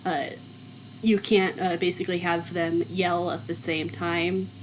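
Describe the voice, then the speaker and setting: A woman with a Southern American accent narrating as game master, halting and full of fillers and restarts. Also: on the low side, flat delivery, slight background noise, poor audio.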